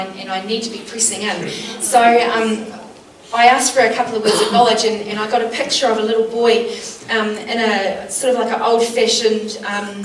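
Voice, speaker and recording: A woman teaching a small church group, telling personal stories in an earnest, animated way with lots of fillers. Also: fairly high pitch. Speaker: church speaker. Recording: roomy sound from a distant mic, faint background noise.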